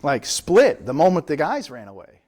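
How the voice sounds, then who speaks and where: A man's voice: a little high, wildly swooping pitch, normal speed, a little mellow. A man preaching as pastor in a church, teaching from the Bible in a conversational way and often checking in with rhetorical questions. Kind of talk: Bible study sermon.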